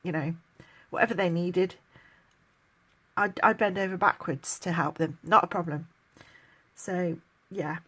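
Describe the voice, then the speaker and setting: A woman's voice: fairly low pitch, steady tone, measured pace, pauses often, a bit bright, husky. A middle-aged woman from England, chatting casually through a question list, laughing often and getting emotional at times. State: tired, chronically ill. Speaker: vlogger. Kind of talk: casual get-to-know-me Q&A.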